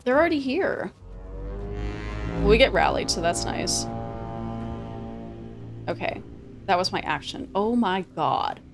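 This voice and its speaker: A woman streaming a game, talking casually, excitable, swearing freely and laughing often. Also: medium pitch, measured pace, creaky, pauses often, over music. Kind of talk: casual gameplay commentary.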